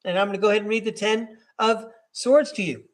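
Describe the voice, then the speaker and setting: With a rather high voice, a man hosts a live tarot stream in a relaxed, chatty way. He talks with viewers in the chat and slows down to read card keywords aloud one at a time.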